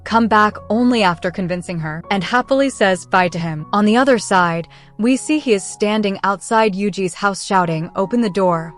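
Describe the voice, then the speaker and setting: A woman narrating a drama recap, retelling the plot in a plain, steady way and reading the characters' lines lightly. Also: mid-range voice, moderate pace, soft background music. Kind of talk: scripted narration.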